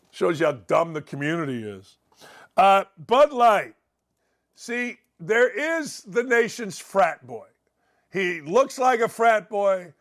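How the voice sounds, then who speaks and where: A man's voice: sits high, fairly bright tone. A man hosting a sports talk show, delivering a blunt, profane opinion rant.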